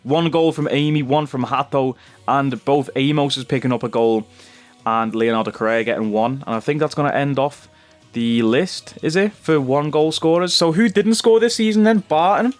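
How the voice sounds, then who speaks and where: A man's voice: mid-range voice, moderate pace, soft background music. A young man giving casual, chatty commentary over a football management game, calling his viewers "bro". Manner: chatty, says "bro" a lot. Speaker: gaming YouTuber.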